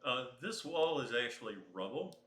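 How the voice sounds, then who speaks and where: A man narrating as the dungeon master of a tabletop game, slow and halting, with fillers. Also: mid-range voice, expressive, a bit bright. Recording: echoey room.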